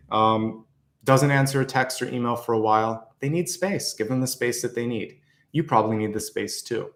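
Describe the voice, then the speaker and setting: A man giving a tarot reading to viewers, talking in a confident, encouraging, conversational way. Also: medium pitch. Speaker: tarot reader.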